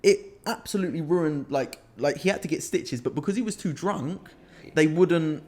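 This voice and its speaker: A young man with a British accent, telling animated, laughing anecdotes as a podcast co-host. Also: a little high, moderate pace. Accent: British English. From Britain. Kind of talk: casual storytelling chat.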